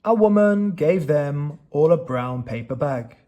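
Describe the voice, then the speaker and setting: A man reading a children's storybook aloud in a clear, expressive way. His pace is slow and deliberate, and his pitch rises and falls a great deal. His voice sits a little higher than most men's. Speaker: narrator.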